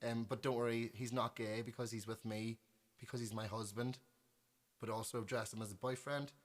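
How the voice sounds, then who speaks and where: A young Northern Irish man chats to his livestream viewers, spinning a funny story. He is self-deprecating and animated, often breaking off to correct himself. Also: mid-range voice, normal speed. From Northern Ireland. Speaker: musician on livestream. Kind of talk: casual storytelling.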